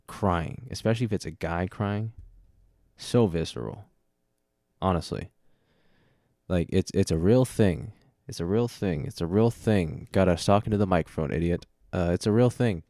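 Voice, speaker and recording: A young man hosts a podcast solo, rambling casually and dropping jokey, self-deprecating asides into a close dynamic mic. His voice sits low and sounds mellow, at a moderate pace, with no room sound.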